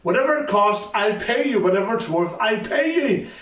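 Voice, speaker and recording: A man's voice: high-pitched, lively intonation, normal speed, a bit bright. A man voicing a spoiled, greedy king who demands whatever he wants. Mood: demanding. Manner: demanding, petulant. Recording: echoey hall, far from mic.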